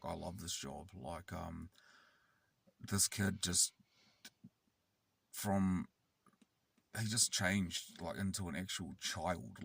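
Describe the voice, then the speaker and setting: A man's voice: deep voice, creaky, a bit bright, breathy edge, no echo, recorded from a distance. A man, rambling and swearing as he tells a casual story in a car. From New Zealand. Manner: rambling, sweary, with many fillers. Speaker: vlogger. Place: inside a car.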